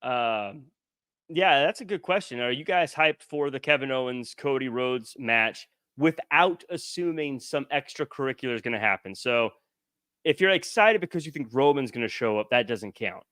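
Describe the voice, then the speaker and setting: A man's voice: medium pitch, expressive, moderate pace, sharp tone, clear, resonant tone, no echo, studio quality. A man co-hosting a wrestling podcast, chatting casually and laughing easily. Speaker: podcast co-host. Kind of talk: casual chat.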